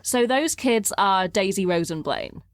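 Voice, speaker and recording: A woman's voice: mid-range voice, expressive, measured pace, faint music behind. Easygoing woman podcast co-host. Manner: easygoing, explanatory, agreeable. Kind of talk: casual chat.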